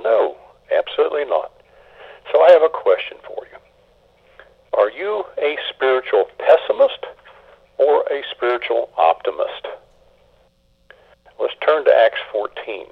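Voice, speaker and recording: A man preaching a sermon, reading scripture aloud in a halting way with many restarts. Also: medium pitch, big pitch swings, vocal fry, slightly rough. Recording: tinny phone-line sound.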